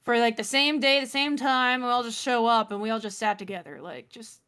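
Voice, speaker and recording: A woman in relaxed group chat, stopping and restarting often, padding with ums and likes. Her voice sits a bit high. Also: clean tone. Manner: chatty, halting with fillers. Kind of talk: casual group chat on a stream.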